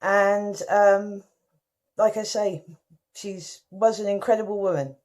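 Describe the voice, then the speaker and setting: A woman's voice: medium pitch, fairly even intonation, slow, a little mellow. A woman from the West Country with a broad, exaggerated West Country accent, giving a chatty, self-mocking comic monologue as a contestant and calling her listeners darlings. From West Country, England.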